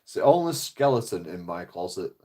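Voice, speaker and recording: A man's voice: low voice, sing-song, fairly quick, dark tone. A man, ranting casually in a rambling, foul-mouthed way. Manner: rambling, heavy swearing. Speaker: vlogger. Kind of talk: casual rant.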